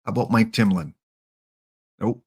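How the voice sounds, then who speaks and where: A man's voice: on the low side, moderate pace, a little mellow, slightly rough. A man doing live-streamed commentary over a baseball sim, muttering to himself and talking to the players on screen as he picks them.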